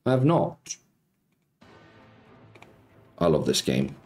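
A man's voice: mid-range voice, expressive, measured pace, slight background noise. A man hosting a casual live stream, chatting with viewers and answering their comments. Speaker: slots streamer. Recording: roomy sound with faint music.

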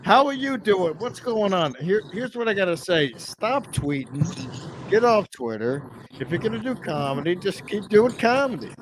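A drunk podcast host, a man talking in a loud, pushy and repetitive way in casual chat. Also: sits high, sing-song, moderate pace, a little hiss or hum, rough recording.

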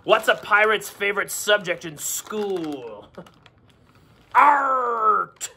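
A male teacher running a playful lesson for children, cracking pirate jokes and slipping into a gruff pirate voice. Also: high voice, animated, slow, sharp tone, slight background noise. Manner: hammy, joking, slips into a gruff pirate voice.

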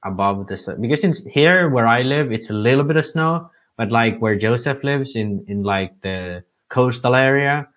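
A young man talks in a loose, relaxed way, leaning on fillers as he chats. His voice sits at an ordinary middle pitch for a man. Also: moderate pace, few pauses. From Finland. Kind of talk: casual chat.

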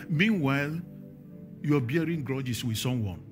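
A man's voice: on the high side, huge pitch swings, normal speed, soft background music. A man with a Nigerian accent preaching a sermon, emphatic and firing questions at the congregation.

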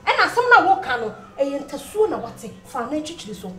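A high, lively young woman's voice with a Ghanaian accent. She teases her rival in a mocking way. The room sounds echoey. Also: fairly quick, full character voice. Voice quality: teasing, mocking delivery. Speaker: actress. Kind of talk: film drama dialogue.

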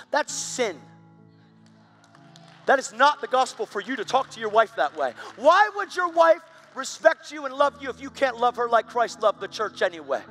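Male preacher, high voice, bright and forceful, animated sermon storytelling, faint background music. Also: normal speed. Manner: animated, voice rising to loud shouts when excited.

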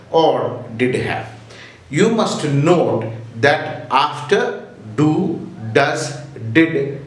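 Slow, echoey male English teacher. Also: mid-range voice, distant mic. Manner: slow, deliberate, repeats rules, many hesitations. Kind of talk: grammar lesson. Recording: very echoey room, voice from off-mic.

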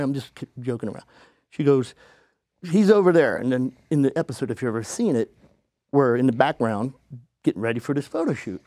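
A man, a podcast guest, telling a story casually and acting out the people he quotes in a higher voice. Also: lively intonation, fairly quick, dark tone, no echo, studio quality. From United States.

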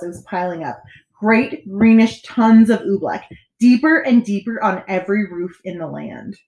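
A woman reading a children's picture book aloud, with expressive, dramatic delivery. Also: medium pitch. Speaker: storyteller. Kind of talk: children's story read-aloud. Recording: echoey room.

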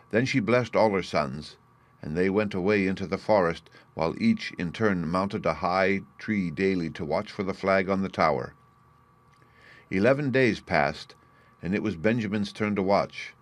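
A man reading a fairy tale aloud in a slow, measured way for English learners. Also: low voice, expressive. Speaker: storyteller.

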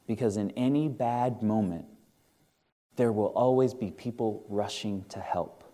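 Unhurried and warm, with a lowish pitch, a man preaches in a church sanctuary, questioning the congregation in an earnest, conversational style. His accent is Midwestern American.

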